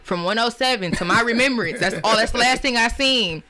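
A young woman telling a story on a podcast in casual, profane talk, acting out what people said. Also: brisk. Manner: animated, profane, acts out quotes in a higher voice. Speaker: podcast guest.

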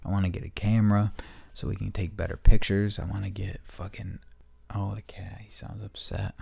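A podcast host chats from home in a loose, profane, heartfelt ramble. He speaks at normal speed in a lowish, flat, husky voice with vocal fry and a warm tone, on a dry recording.

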